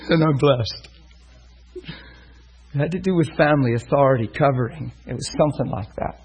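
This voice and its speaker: A man's voice: mid-range voice, animated, normal speed, a little mellow, husky, low-quality recording. A man preaching a sermon, telling a story and acting out the voices of the people in it. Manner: storytelling, acts out voices in quotes.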